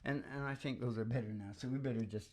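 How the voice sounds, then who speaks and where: A man's voice: mid-range voice, quick pace. A man hosting a live country music show, singing covers and chatting with a rambling, laughing manner. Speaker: host of a music and talk show. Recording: live acoustic guitar music. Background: acoustic guitar.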